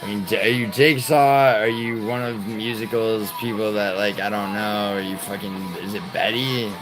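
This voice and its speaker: Rough audio captures a fairly low-pitched New York man at a moderate pace and fairly even intonation. He rambles and curses through casual chat reading on his livestream as music plays.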